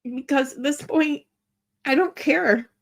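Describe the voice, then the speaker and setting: A woman's voice: high voice, takes it slowly, vocal fry. A woman hosting a casual livestream, talking to viewers in an emotional, chatty way with a lot of swearing. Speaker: livestream host.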